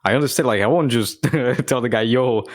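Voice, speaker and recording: A man's voice: medium pitch, fairly quick, no room sound, clean studio sound. A man co-hosting a podcast in casual chat, talking loosely with swearing and frequent restarts. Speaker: podcast co-host.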